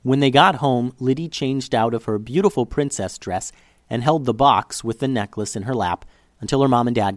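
A man reading a children's story aloud, with a voice that rises and falls a great deal. His delivery is expressive and steady. The recording is dry and close. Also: mid-range voice, no room sound.

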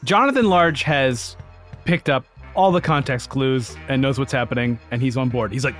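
Mid-pitched man describing his character. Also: normal speed, fairly bright tone, faint music behind. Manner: describing actions with chuckles and "uh"s. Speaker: player. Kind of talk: casual tabletop play.

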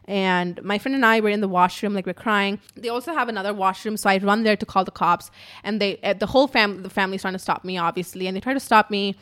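A woman's voice: mid-range voice, fast talker, fairly bright tone. A young adult woman hosting a podcast, telling a story in a casual monologue, swearing often and filling her talk with "like". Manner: chatty, swears often, fills with "like". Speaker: podcast host.

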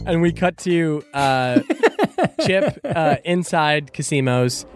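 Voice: mid-range voice, sing-song, slow, faint music behind. Casual, chatty game master. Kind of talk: narrating a tabletop game.

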